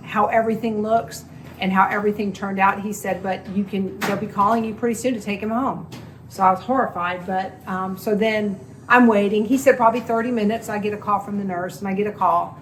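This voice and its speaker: A middle-aged woman tells a long story in a loose, chatty way, breaking off for quick asides. Her pitch sits in an ordinary middle range. A faint hiss runs under the recording. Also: rough recording. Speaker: homestead channel co-host. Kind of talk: casual recovery story vlog.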